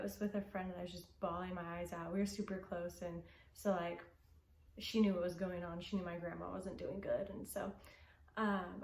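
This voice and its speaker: A young adult woman telling a personal story in a casual, animated way and acting out quotes with big pitch jumps. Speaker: youth ministry segment host. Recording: echoey room with faint noise.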